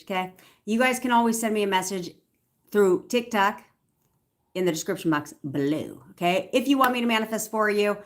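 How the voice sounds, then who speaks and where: A woman's voice: fairly low pitch, a bit bright. A young woman coaching viewers in a casual livestream Q&A, chatty and upbeat, repeating affirmations. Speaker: manifestation coach.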